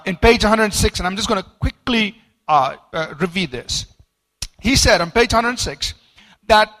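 Guy preaching a sermon, high bright voice, gets animated, acts out the quotes, lots of uh and the-the-the. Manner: stumbling repeats and fillers. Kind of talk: sermon teaching from a study book.

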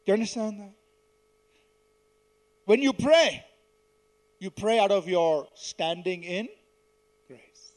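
Guy with a high voice preaching a sermon, teaching verse by verse, gets loud then trails off soft. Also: lively intonation, takes it slowly, pauses often. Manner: teaching verse by verse, calling the congregation to repeat phrases; swells loud on key words, then drops to soft endings.

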